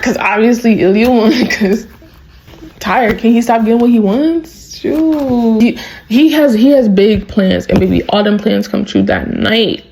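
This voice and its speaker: Excitable young woman chatting. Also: a little high, measured pace, low-quality recording. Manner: excitable, laughing, full of "like" and "bro". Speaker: vlogger. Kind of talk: casual chat, recapping a show.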